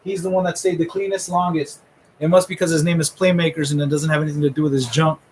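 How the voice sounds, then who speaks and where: A man's voice: on the high side, level tone, quick pace, darkish tone, slight background noise, poor audio. A middle-aged man hosting a live fantasy football draft order reveal, rambling and joking with friends. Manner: joking, rambling trash talk. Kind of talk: casual live commentary.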